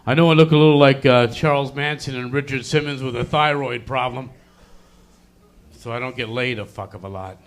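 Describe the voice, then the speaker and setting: A man doing a self-mocking stand-up set in a small club, breaking into loud high yelled bits. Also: brisk. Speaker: stand-up comedian. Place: small comedy venue with a live audience.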